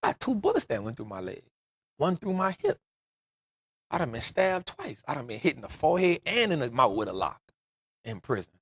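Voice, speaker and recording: A man's voice: mid-range voice, huge pitch swings, a little fast, fairly bright tone, breathy edge, no room sound, studio quality. A man, telling stories emphatically on a casual podcast, often saying "bro" and "real talk". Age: 40s. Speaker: podcast host.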